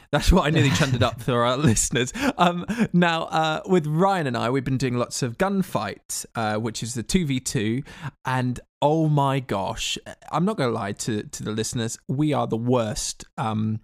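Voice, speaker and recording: Young British male podcast co-host, banter-heavy, giggly, average pitch, dry recording. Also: normal speed, no echo. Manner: excitable, laughing often, cheeky banter. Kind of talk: casual gaming podcast chat.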